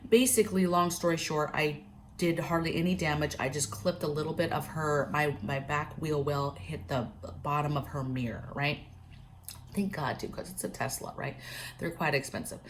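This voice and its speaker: Low-voiced woman, chatty prepping vlogger. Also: normal speed, slight background noise. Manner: chatty, keeps addressing viewers directly; earnest, advice-giving. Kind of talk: casual storytelling to camera.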